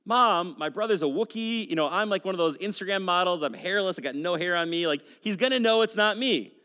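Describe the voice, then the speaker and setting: A man's voice: sits high, animated, fairly quick, bright, forceful tone. A man voicing a whiny grown son protesting to his mother in comic modern slang, in a reverberant hall.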